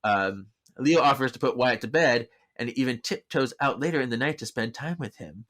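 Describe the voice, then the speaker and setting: A man hosting a podcast, casually recapping a story with frequent laughter and quick acted-out lines of dialogue. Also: medium pitch, lively intonation, fairly bright tone. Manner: chatty, laughs often, acts out characters' lines in quick bursts. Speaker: podcast host.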